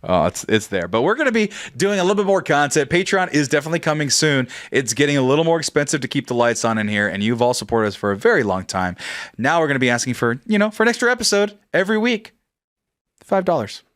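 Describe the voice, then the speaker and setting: A man co-hosting a comedy podcast, quick, joking and profane in casual banter. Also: a little high, expressive, a bit bright, no room sound, studio quality. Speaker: podcast co-host.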